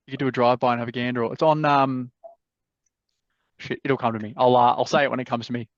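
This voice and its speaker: A relaxed Australian property advisor runs live mentorship calls over video, giving blunt, casual advice and swearing freely. His mid-pitched voice stays level and moves fast. The audio is muffled, dull, dry and close, with no room sound.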